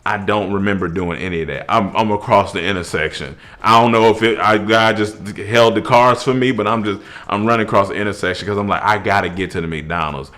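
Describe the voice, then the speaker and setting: Young male storyteller, casual and animated, with bursts of laughter and high shouting. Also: fairly quick, few pauses. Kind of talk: comedic story.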